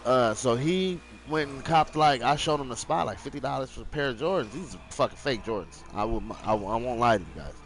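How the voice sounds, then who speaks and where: A man's voice: medium pitch, expressive, brisk, hardly any pauses, a little hiss or hum, rough recording. A young man streaming live, telling a rambling story in casual, profane slang.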